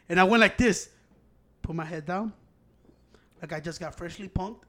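A man, co-hosting a podcast, telling profane heated stories that break into loud shouts. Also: high voice, moderate pace. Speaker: podcast co-host. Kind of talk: casual chat, storytelling.

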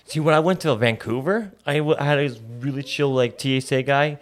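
A man's voice: medium pitch, a little fast. A young man telling a rambling, profane, jokey story in casual chat.

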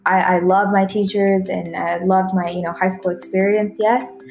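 A woman's voice: medium pitch, little pitch movement, normal speed, gravelly, a little mellow, soft background music. A woman in her thirties from Texas, a native Spanish speaker, talking casually as a podcast guest, laughing often and acting out remembered conversations. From Texas, USA.

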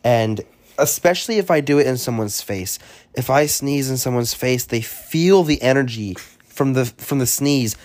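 A man hosting a comedy podcast, boasting about his soothing voice in a deadpan, drawn-out way. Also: medium pitch. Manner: deadpan self-praising, drawn-out phrases. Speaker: podcast host.

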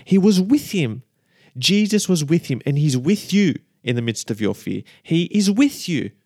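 A man preaching a sermon with fervent, building emphasis, repeating key words as he grows excited. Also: on the high side, moderate pace, breathy edge, no room sound, clean studio sound.

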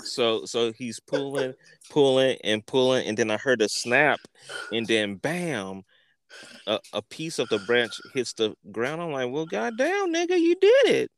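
A man hosting a podcast, telling a comic story in a crude, animated way full of profanity. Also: medium pitch, a little slow, a little hiss or hum. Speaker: podcast host.

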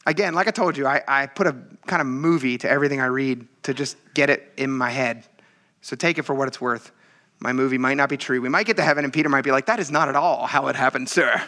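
A man preaches a sermon as a pastor, speaking fast in a mid-range voice. His style is lively and conversational, and he often acts out the voices of the people he quotes.

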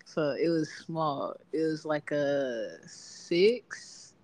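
A woman's voice: sits low, drawn-out words, a little mellow. A woman co-hosting a podcast, talking bluntly in slang and laughing at her own stories. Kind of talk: casual explicit podcast chat.

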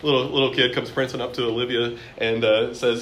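A man's voice: medium pitch, fairly even intonation, brisk, fairly bright tone, a little hiss or hum. A man teaching a classroom Bible lesson in a conversational way, acting out quoted voices.

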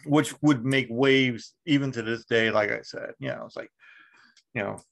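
A man's voice: medium pitch, normal speed, gravelly. A man hosting a podcast in casual chat, rambling and swearing freely as he tells stories. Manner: profane, rambling, animated storytelling. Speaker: podcast host.

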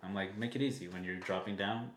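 A man's voice: deep voice, fairly even intonation, fast talker, a little hiss or hum. A tired man co-hosting a podcast in casual chat, rambling and laughing often. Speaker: podcast co-host. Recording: echoey room.

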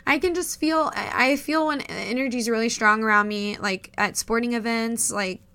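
A woman co-hosting a podcast in easy, casual conversation. Her voice is bright and forward, and she talks in a chatty, emotional way, often breaking into laughter. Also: on the high side, moderate pace, clean tone. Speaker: podcast co-host.

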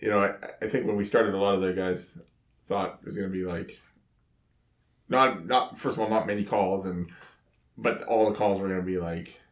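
A man hosting a casual firefighter podcast, talking in a relaxed, rambling way with chuckles. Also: low voice, normal speed, echoey room. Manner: relaxed, rambling, laughs between words. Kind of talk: casual chat.

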